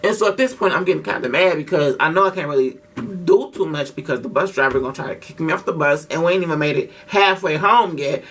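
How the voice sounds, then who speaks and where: A man's voice: fairly high pitch, fast, fairly bright tone, recorded from a distance. A man telling a story casually to his vlog audience, slangy and profane, with lots of restarts. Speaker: vlogger.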